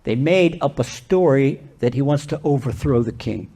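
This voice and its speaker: A man, a rabbi, giving a sermon and telling a parable in an animated, conversational way, often restarting his sentences. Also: medium pitch, normal speed. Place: lecture venue.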